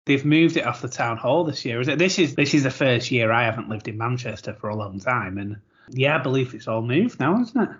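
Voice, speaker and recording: A man's voice: medium pitch, expressive, brisk, fairly bright tone, husky, lo-fi sound. A man, co-hosting a podcast in casual, rambling chat with easy laughs. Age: 30s. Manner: chatty, rambling, laughs easily, repeats words. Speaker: podcast co-host.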